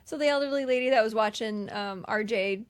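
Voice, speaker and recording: A woman's voice: a little high, smooth. Chatty woman recapping a movie. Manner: retells scenes with quick voiced impressions, many fillers. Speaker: podcast co-host. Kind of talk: casual movie recap chat.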